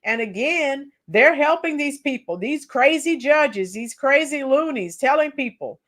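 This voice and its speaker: A woman streamer with a hoarse, cracking voice, talking politics in a chatty, opinionated way. She speaks slowly, and her voice sits a little high. She reads out viewer comments as she goes. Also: animated, a bit bright. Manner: opinionated, chatty, sings song snippets slowly. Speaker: live-stream commentator reading chat. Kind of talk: casual political commentary livestream.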